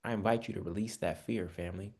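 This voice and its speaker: A man's voice: low-pitched, fairly even intonation, fast talker, darkish tone, breathy edge. A man teaching a Bible study. He talks in a conversational preaching style, calls his listeners family and asks them rhetorical questions. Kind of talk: spiritual teaching. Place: online Bible study session.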